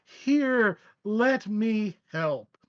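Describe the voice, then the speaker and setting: A man's voice: sits high, lively intonation, drawn-out words, no echo, dull audio, pitched above the performer's own voice, exaggerated voice. A man voicing a grinning, menacing male clown villain hosting a game show, taunting in a mock-soothing way.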